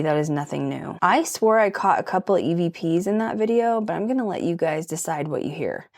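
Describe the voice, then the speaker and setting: A woman's voice: on the low side, a little mellow. A young woman vlogger telling a ghost story in a chatty, emphatic way, full of "like" and "okay?" asides. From Colorado. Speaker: paranormal vlogger. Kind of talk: casual storytelling while doing makeup.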